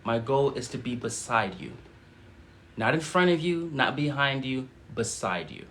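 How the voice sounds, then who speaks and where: A man voicing a calm male spirit guide in a slow, soft, hushed way as he leads a breathing prayer. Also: mid-range voice. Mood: serene.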